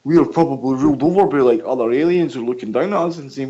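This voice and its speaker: Rambling, animated British-born man. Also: mid-range voice, racing, muffled recording. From United Kingdom. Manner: animated, rambling, explains with questions. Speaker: guest. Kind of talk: casual radio interview. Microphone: headphones and mic at home.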